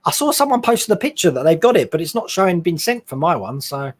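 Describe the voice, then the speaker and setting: A man's voice: a little high, very animated, quick pace. A man hosting a scale modelling live stream, chatting casually, reading viewer questions aloud and laughing often. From England. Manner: chatty, laughs often, reads out chat questions then answers.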